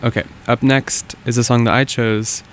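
A man's voice: medium pitch, level tone, normal speed, a little hiss or hum. A man co-hosting a casual music show, laid-back and jokey. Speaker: co-host. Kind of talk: casual chat.

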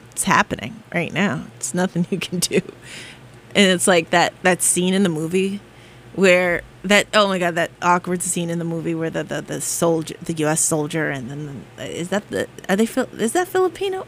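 A woman hosting a casual chat. She talks in a chatty, rambling and animated way and laughs easily. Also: fairly low pitch, normal speed, slight background noise.

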